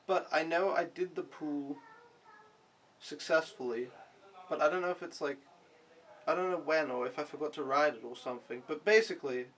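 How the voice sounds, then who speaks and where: A young man tells a casual vlog recap in a rambling, offhand way, full of "like" and casual swearing. His voice sits a little on the high side. A faint hiss of background noise runs under the recording. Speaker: vlogger.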